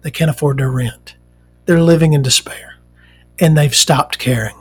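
A woman hosting a casual talk show, ranting in a profane, animated, rambling way. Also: low voice, moderate pace, husky, soft background music.

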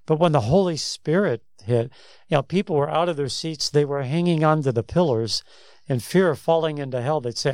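A man's voice: on the high side, a little fast, a little mellow, dry recording, studio quality. A man co-hosting a Christian talk show, telling stories in a rambling way that restarts and repeats words. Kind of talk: casual faith discussion, storytelling.

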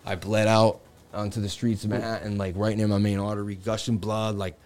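A man's voice: lowish voice, flat delivery, a little fast, a little mellow. A man in his thirties from the Boston area, hosting a casual crypto livestream and telling rambling stories full of "like" and "you know, man.". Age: 30s. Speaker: crypto stream host.

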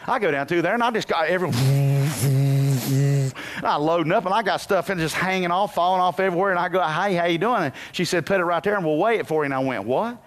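A pastor delivers a sermon in a voice that sits high for a man. He swings between soft, conversational asides and loud, emphatic preaching. He tells his points through folksy, humorous stories. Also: brisk.

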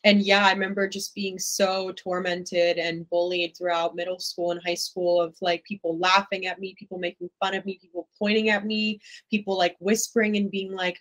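Young woman guest talking openly, lots of "like"s, kinda low voice. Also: level tone, normal speed, few pauses, a bit bright, poor audio. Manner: reflective, candid, many "like" fillers. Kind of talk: casual interview talk.

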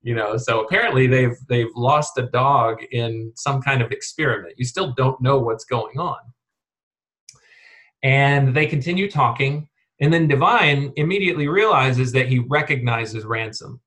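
A man hosting a casual book discussion podcast, retelling chapters in a relaxed way with fillers. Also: mid-range voice, moderate pace. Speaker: podcast host.

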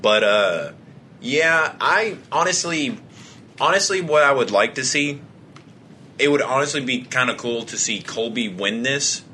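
A man's voice: medium pitch, lively intonation, measured pace, bright, forceful tone, a little hiss or hum. A young man co-hosting a casual podcast chat, joking, swearing and laughing often. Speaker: podcast co-host.

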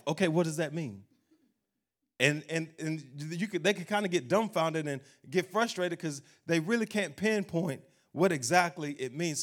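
A man preaching a sermon, emphatic, slowing down to read scripture. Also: fairly high pitch. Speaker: pastor.

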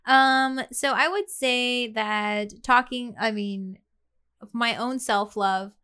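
A woman with a bright, forceful voice pitched a little high chats candidly on a podcast, laughing easily. She has the hiccups. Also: slow pace, smooth. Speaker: podcast co-host. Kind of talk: casual podcast chat.

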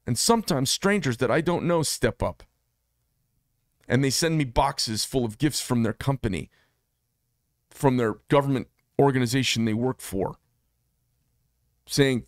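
A man in his fifties hosts a solo commentary show in a middle-pitched voice. He talks with passion and emphasis and often repeats himself to drive a point home. The recording is dry and close, with no room sound. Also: animated, normal speed, dry recording. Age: 50s. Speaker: podcast host.

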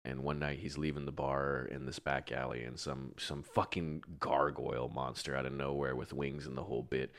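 A young man with a notably deep voice chats casually. He tells a long, rambling story, laughing often and swearing freely. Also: flat delivery, normal speed, few pauses. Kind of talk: casual chat.

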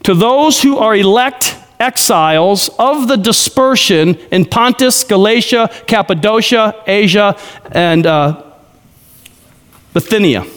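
A male pastor giving a lively verse-by-verse Bible teaching, with joking asides and frequent "okay?" check-ins to the crowd. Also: high voice, slow pace. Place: large church hall. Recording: long hall reverb.

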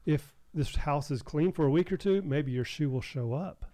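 A man's voice: a little high, normal speed, mellow. A man hosting a casual podcast, giving blunt, frank advice and swearing freely. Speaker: podcast host. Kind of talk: casual chat.

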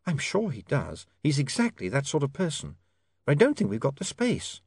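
A man voicing a prim, indignant young woman reporter who talks in a snappish, proper way, well above his own pitch. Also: huge pitch swings, normal speed, darkish tone, breathy edge, no room sound, studio quality, exaggerated voice. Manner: primly snappish.

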